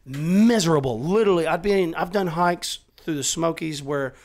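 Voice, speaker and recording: A middle-aged man in casual chat as a podcast guest, swearing freely and getting louder and more animated as he makes his point. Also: fairly high pitch, moderate pace. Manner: animated and profane, swears often, voice rising as he gets worked up.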